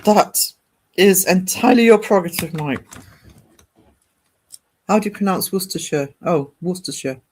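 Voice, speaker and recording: A man's voice: sits high, moderate pace, long pauses, darkish tone, slight background noise. A man, hosting a casual art livestream and chatting rambly with viewers.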